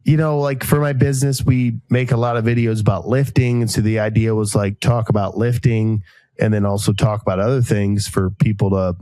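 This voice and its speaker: Animated storytelling man, dry sound. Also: brisk, no echo. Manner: animated storyteller, acts out quoted voices with jumps in pitch. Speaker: podcast host. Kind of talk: casual storytelling chat.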